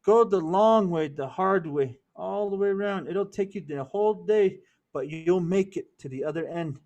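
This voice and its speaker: A man's voice: high voice, moderate pace, darkish tone, highs cut off. A man voicing an old male elder who insistently counsels two travelers in a told story. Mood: warning. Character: old male elder giving patient warnings.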